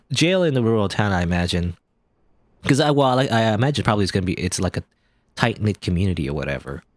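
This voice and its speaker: Chatty let's-play man, low voice with lively swings, rambling game commentary. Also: no echo.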